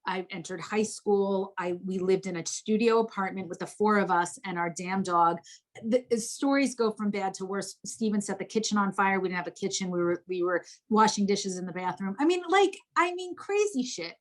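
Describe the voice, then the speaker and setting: A woman's voice: medium pitch, brisk. Woman telling a vivid personal story. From New Jersey. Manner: vivid, expressive storytelling with casual swearing. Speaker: guest. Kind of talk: candid life story in conversation. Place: at home.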